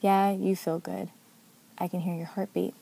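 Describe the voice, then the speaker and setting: A woman voicing a smooth-talking male vampire who teases and threatens his prey in a read-aloud story. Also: on the low side, level tone, normal speed, warm tone. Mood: seductive. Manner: sly, teasing.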